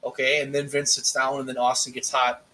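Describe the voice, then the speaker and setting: A man co-hosting a podcast in casual chat, swearing freely and telling animated stories with acted-out quotes. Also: medium pitch, fairly quick, a little hiss or hum. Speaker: podcast co-host.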